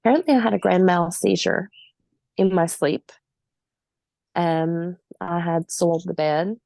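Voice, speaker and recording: A woman's voice: fairly low pitch, a little slow, vocal fry, warm tone, dry recording. A woman in her forties, a podcast guest, telling her own story in vivid, emphatic detail with occasional laughs.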